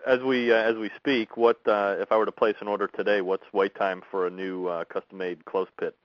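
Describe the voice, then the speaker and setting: Guy interviewing, low voice, lots of uh's, muffled dry sound. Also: little pitch movement, fairly quick, dry recording. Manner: hesitant, lots of uh fillers. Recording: dull, lo-fi, dry.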